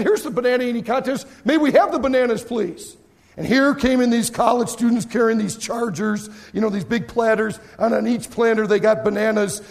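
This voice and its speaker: A middle-aged man, a youth pastor, telling a funny story in a sermon and acting out his own shouting and cheering. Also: extremely high pitch, vocal fry.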